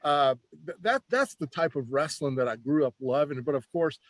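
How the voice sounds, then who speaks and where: A man who is a former pro wrestler, telling stories in a casual, animated interview with lots of "you know" and restarts. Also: fairly high pitch, normal speed, no echo.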